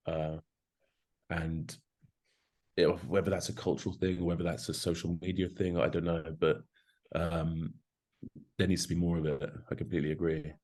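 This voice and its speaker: A man's voice: low voice, a little mellow. A man talking as a podcast guest in a casual chat, enthusiastic and rambling, with plenty of fillers. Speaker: guest, rugby prop forward.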